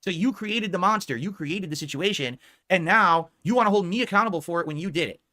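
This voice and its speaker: A man's voice: high voice, fast talker, bright, forceful tone, dry recording. A man in his forties, a streamer, ranting bitterly at his viewers and swearing as he berates them. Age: 40s. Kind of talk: angry live-stream rant.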